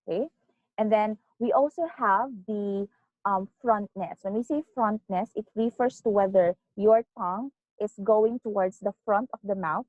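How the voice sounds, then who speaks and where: A woman teacher with a Filipino accent giving a phonetics lecture, drawing out example words slowly and carefully with frequent "um" and "okay". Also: medium pitch, darkish tone, no echo, dull audio.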